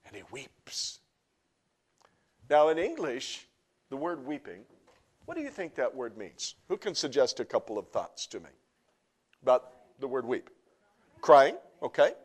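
A middle-aged male pastor preaching to a congregation, swinging from soft, hushed teaching to loud, impassioned outbursts and joking with the crowd. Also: medium pitch, sing-song, unhurried, long pauses, husky. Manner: jokes and teases the congregation. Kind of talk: sermon. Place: church before a live congregation.

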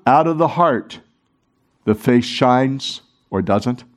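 A man preaching a sermon to a congregation, animated, talking with the room and acting out the quoted voices. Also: medium pitch, slow pace. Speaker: pastor.

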